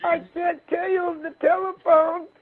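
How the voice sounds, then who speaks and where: A man talking in a high, squeaky put-on voice, slow and halting, breaking into crying screams, in a radio prank call bit. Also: level tone, no room sound. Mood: disguised. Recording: lo-fi old radio audio.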